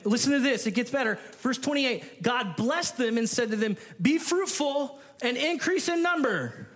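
A man's voice: very high voice, lively intonation, moderate pace, hardly any pauses, fairly bright tone. A man preaching a sermon, reading scripture aloud and acting out the people in the story with playful asides. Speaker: pastor.

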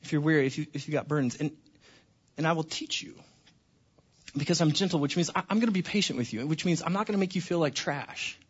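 A man preaching a sermon to his congregation, passionate, dropping to hushed tones and then rising to near-shouts. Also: on the high side, fast talker, husky, muffled recording. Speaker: pastor.

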